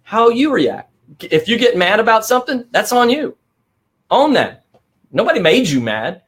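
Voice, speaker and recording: A man's voice: high voice, huge pitch swings, moderate pace, fairly bright tone, breathy edge. A middle-aged man hosting a motivational live stream, talking with energy, stressing points and often adding "right?".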